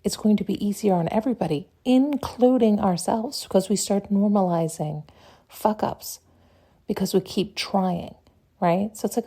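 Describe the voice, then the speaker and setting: A woman hosting her own podcast talks through her thoughts in a blunt, casual monologue. Her voice sits in a middle pitch with a dark, mellow tone. She swears freely and laughs easily between points. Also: normal speed. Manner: blunt, swears freely, laughs often, acts out quoted dialogue. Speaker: podcast host.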